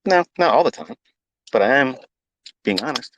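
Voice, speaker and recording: In a live audio room, a man who mentors traders talks bluntly and combatively, swearing often and repeating himself for emphasis. His mid-range voice is expressive and fairly bright, at a moderate pace, with slight hiss or hum.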